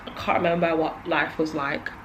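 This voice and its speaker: A woman's voice: sits low, flat delivery, normal speed, a bit bright, slight background noise, poor audio. Nervous young woman. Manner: nervous, jittery, emotional, trailing off with many likes. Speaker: beauty vlogger. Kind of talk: casual confessional chat while doing makeup.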